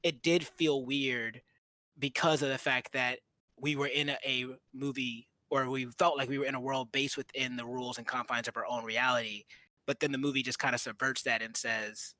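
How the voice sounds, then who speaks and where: A young man co-hosts a casual film chat, thinking aloud and circling his points with fillers. His voice is bright and forward, recorded close and dry. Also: medium pitch, steady tone, moderate pace, no echo. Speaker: podcast co-host.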